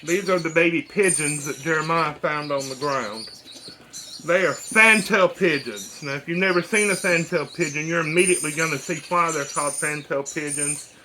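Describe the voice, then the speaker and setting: Chatty high-voiced man with birds around. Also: moderate pace, background noise. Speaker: bird breeder. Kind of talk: casual vlog narration while hand-feeding birds. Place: indoors with birds.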